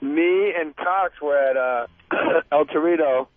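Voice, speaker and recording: Guy on a tinny phone call into a radio show, kinda high voice, rambling animated story. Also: slow pace, no room sound. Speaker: phone-in guest.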